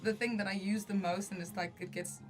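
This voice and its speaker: A South African woman, the singer of a band, chatting on a podcast in a quick, laughing storytelling manner. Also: mid-range voice, steady tone. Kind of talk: casual podcast chat.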